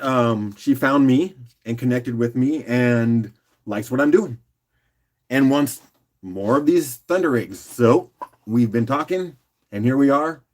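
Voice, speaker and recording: A man hosting a casual live-stream rock auction, joking and chatting with viewers by name in a loose, unhurried way. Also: medium pitch. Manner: loose and unhurried, with fillers and restarts while doing other tasks.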